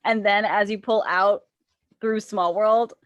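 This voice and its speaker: Giggly woman pitching ideas. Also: fairly even intonation, slow pace, no room sound, dull audio. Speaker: podcast panelist. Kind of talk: casual chat.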